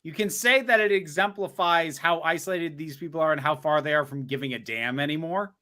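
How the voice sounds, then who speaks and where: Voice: medium pitch, fairly quick, pushed and bright. Dry, witty podcast guest. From United States. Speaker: guest content creator. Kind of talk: casual chat.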